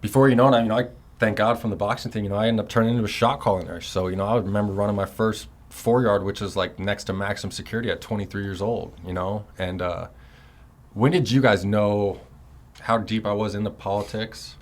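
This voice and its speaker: A man's voice: fairly low pitch, steady tone, quick pace. A man in his thirties telling a long story in a casual, rambling way, full of swearing and "you know"s. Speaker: son recounting his prison years.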